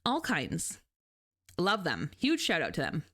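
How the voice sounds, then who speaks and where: A woman's voice: on the low side, wildly swooping pitch, measured pace, a bit bright. A woman from Canada with a Canadian accent, chatting casually on a live stream, rambling and laughing often as she reads her chat.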